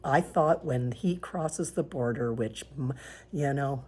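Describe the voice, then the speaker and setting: A Canadian woman vlogger talks straight to camera, sharing her views in an earnest, pained personal monologue that sometimes drops to a whisper. Her bass voice is a little mellow and she takes it slowly, with a little hiss or hum in the recording.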